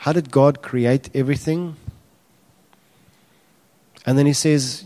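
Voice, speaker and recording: Male pastor, lively sermon delivery that jumps loud on acted-out quotes. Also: medium pitch, slow. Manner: animated, acts out quotes with raised voice.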